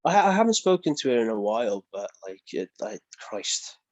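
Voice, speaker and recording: A man appearing as a wrestling guest in a casual interview tells lively stories, acting out the people he quotes. He speaks a little fast in a mid-range voice.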